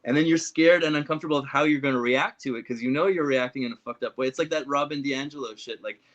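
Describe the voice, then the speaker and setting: A man in a casual political discussion, talking loosely with quick asides. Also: mid-range voice. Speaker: podcast guest. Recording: dull lo-fi audio.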